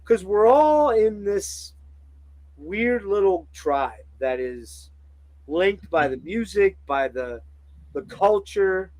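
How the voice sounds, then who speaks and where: A man hosting a casual podcast chat, telling profane, animated stories and acting out the quotes. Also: high voice, slow, dry recording, low-quality recording. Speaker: podcast host.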